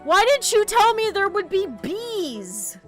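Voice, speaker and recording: A woman's voice: very high voice, big pitch swings, slow, soft background music, voice pushed up, heavily acted. A woman voicing a cranky little child who whines and complains. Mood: whiny. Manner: whiny, complaining.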